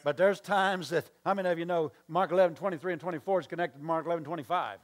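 A man's voice: on the high side, racing. A male pastor preaching a sermon, telling a story with acted-out dialogue and asides to the congregation.

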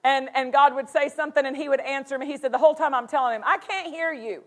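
High-voiced woman pastor preaching. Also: fairly even intonation, racing. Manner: emphatic preaching with repeated phrases. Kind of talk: sermon.

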